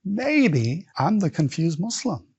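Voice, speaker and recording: A man's voice: high voice, sing-song, slow pace, darkish tone, breathy edge, no room sound, muffled recording. Man from Texas retelling his story. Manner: reflective, retells scenes with acted quotes and laughs. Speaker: guest telling his conversion story. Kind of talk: personal storytelling in an interview.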